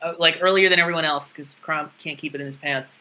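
Bright-voiced man, rambling sarcastic recap. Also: on the high side, fairly even intonation, quick pace, a little hiss or hum, poor audio. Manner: rambling, sarcastic, profane recap with many fillers. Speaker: podcast co-host recapping a game story. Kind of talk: casual chat.

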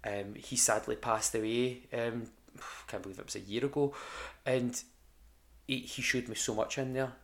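A man's voice: medium pitch, fairly even intonation, normal speed, fairly bright tone. A young Scottish man telling rambling, sweary stories about his old jobs in a casual podcast chat, full of ums and restarts. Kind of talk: casual storytelling.

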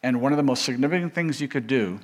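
A man's voice: mid-range voice, fast talker. A man giving a chapel sermon as a visiting seminary speaker, earnest and emphatic, with frequent filler words and restarts.

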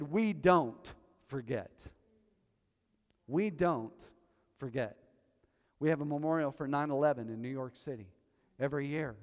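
A male pastor preaching a sermon to his congregation, telling stories with quiet asides that build to loud, emphatic peaks. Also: medium pitch. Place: church hall before a congregation. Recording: long hall reverb.

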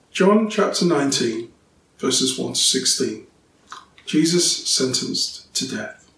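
A man's voice: medium pitch, a bit bright. Man reading scripture in an echoey room. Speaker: scripture reader and preacher. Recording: roomy, distant, faint ambience.

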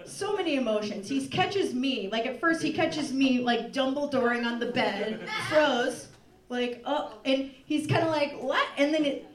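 A young woman telling a laughing, animated confessional story on a live comedy stage. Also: high voice. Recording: echoey room from far off, loud crowd.

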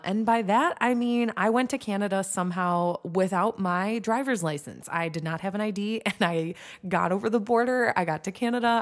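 Young woman podcast host, rambling casual chat, self-deprecating, slightly low voice. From United States.

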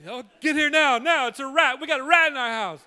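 A man imitating his panicked wife shrieking about a rat, in a frantic, shrill voice. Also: a little fast, pushed and bright, heavily acted.

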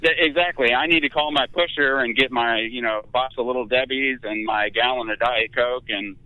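A man's voice: mid-range voice, moderate pace, clean tone, no echo, narrow, tinny audio. Man telling a story over the phone. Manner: candid, self-mocking storyteller. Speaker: guest. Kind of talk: storytelling in casual conversation.

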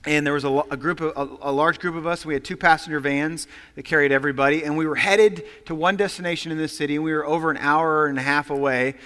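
A male pastor delivers a storytelling sermon in a slightly high, bright, forceful voice. He drops to a hush for quoted lines and then builds to loud emphasis. His voice carries a long reverb from the hall. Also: fairly even intonation, quick pace, hardly any pauses.

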